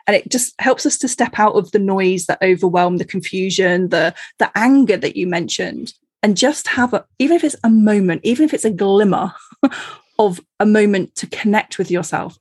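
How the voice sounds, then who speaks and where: Chatty woman podcast host, husky. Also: mid-range voice, darkish tone, no room sound. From Cornwall, England. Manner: chatty, laughs often, many fillers. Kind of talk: casual conversational interview.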